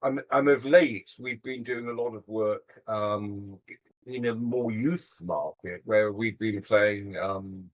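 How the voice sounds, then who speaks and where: Speaking slowly in a lowish voice, this older musician shares stories in a casual interview with a thoughtful, hesitant, self-deprecating manner. Audio quality is low.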